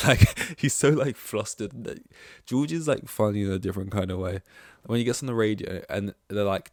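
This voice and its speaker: A young man hosting a podcast alone, talking excitedly in casual commentary, swearing freely and acting out what others said. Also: lowish voice, fairly quick, dry recording, clean studio sound. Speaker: podcast host.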